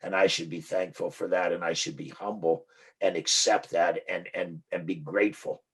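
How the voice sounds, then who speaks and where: Man, interview host, earnest affirming tone, very deep voice. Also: steady tone, normal speed, gravelly, a bit bright, husky. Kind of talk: casual interview talk.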